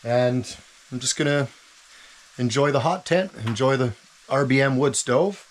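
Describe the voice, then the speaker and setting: A man filming a relaxed camp cooking vlog inside an ice fishing tent, savoring his food and talking with his mouth full. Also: mid-range voice, unhurried, slight background noise. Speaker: outdoor vlogger.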